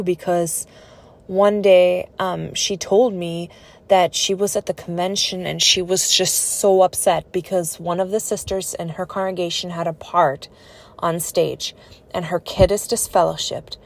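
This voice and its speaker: A woman telling her own life story in a personal vlog, speaking in an earnest, conversational and reflective way. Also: lowish voice.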